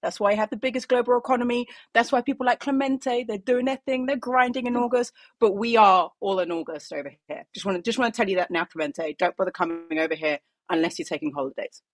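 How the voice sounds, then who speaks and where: A woman's voice: medium pitch, fast talker, few pauses, dry recording. A woman co-hosting a podcast, chatting in a playful, upbeat way and reading a market news roundup. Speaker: co-host.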